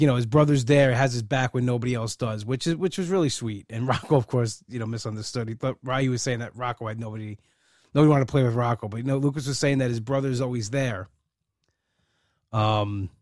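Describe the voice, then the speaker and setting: A man's voice: mid-range voice, a little mellow, dry recording. Man talking casually, rambling, lots of fillers, heartfelt, dry sound. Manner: rambling, many fillers and restarts; heartfelt, proud. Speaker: uncle and godfather. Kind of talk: casual personal monologue.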